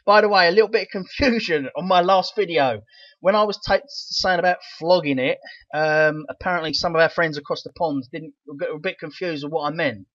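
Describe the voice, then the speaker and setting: A middle-aged man with a London Cockney accent talks eagerly with a rattly voice, padding his lines with fillers. His voice sits fairly high for a man. The recording is dry and dull, as if on a cheap mic. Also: a little fast, a bit bright, dry recording. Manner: enthusiastic, rambling with fillers. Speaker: crypto channel host. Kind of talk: casual vlog review.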